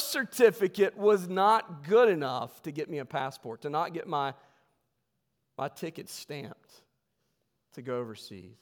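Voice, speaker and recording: A man preaches from the pulpit, his voice sitting high for a man. He tells stories with big loud outbursts, then drops to near-hushed lines. His words ring out with the long reverb of a church sanctuary. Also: animated, unhurried. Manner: storytelling, swings from loud outbursts to hushed tones. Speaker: pastor. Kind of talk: sermon.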